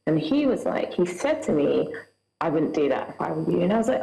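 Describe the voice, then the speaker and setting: A woman with a Scottish accent and a deep, gravelly, mellow voice speaks briskly in a sing-song way. As a guest, she earnestly and vividly recounts a personal experience, acting out what people said. The recording is low quality with a roomy sound.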